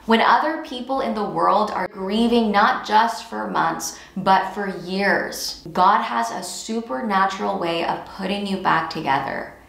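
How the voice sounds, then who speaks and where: An earnest woman teaches a devotional lesson, leaning hard on phrases she repeats. Her voice carries a gravelly fry at mid pitch. She sounds like she is in an echoey room. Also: fairly bright tone. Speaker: Christian teacher. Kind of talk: devotional teaching with scripture reading.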